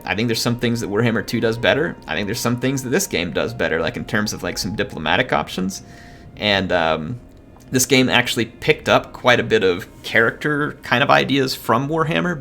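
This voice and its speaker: A man streaming live gameplay, chatting in a loose, excitable way, explaining mechanics and thanking viewers. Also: mid-range voice, creaky. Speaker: gaming streamer.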